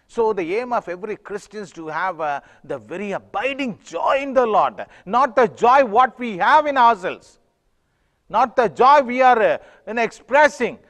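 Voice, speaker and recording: A pastor preaching a sermon in a halting way, with many fillers and restarts. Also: male voice, high-pitched, expressive, fairly bright tone, in a large hall.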